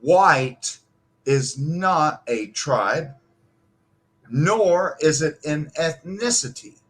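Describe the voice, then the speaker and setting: A man's voice: a little high, animated, drawn-out words, a bit bright. A man from the United States in heated political talk, impassioned and emphatic, swearing freely.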